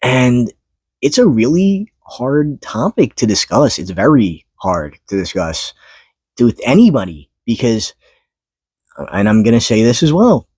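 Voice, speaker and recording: A man talking unscripted to his camera, weary and halting, pausing to collect his thoughts and swearing when frustrated. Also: mid-range voice, big pitch swings, darkish tone, breathy edge, no room sound. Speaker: vlogger. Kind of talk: unscripted personal monologue to camera. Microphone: camera mic.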